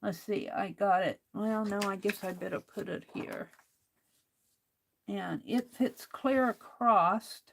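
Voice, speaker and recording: A woman talks her viewers through a craft project in a relaxed, unhurried way. She often mutters to herself as she works, hunting for tools and fixing small slips. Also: medium pitch, creaky. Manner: slow, chatty, talks to herself while working. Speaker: craft livestream host. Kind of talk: casual crafting livestream talk.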